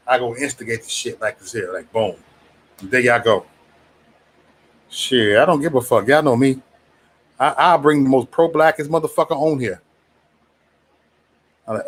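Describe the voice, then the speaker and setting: Dude running a late night stream, cussing, laughing, chill mid voice. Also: male voice, medium pitch, fairly even intonation, moderate pace, slightly rough. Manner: loose, profane, laughing often, mimics others in raised voice. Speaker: livestream host. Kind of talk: casual livestream chat.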